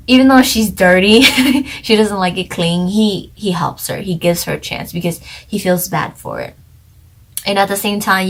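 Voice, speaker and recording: A woman's voice: fairly low pitch, vocal fry. A young woman co-hosting a channel, casually reviewing a TV drama in a rambling, chatty way full of "like". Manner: chatty, rambling, heavy use of "like".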